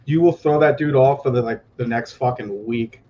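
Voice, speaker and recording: A man guesting on a casual talk show, animated and demonstrative, swearing freely as he walks through a move. His voice comes through a dull, lo-fi recording with faint noise behind it. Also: medium pitch, normal speed. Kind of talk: casual chat.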